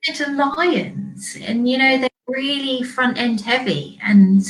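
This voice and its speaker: A woman vet hosting a casual discussion, animated and acting out owners and herself in quick quoted asides. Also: high-pitched, poor audio. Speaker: vet and podcast host.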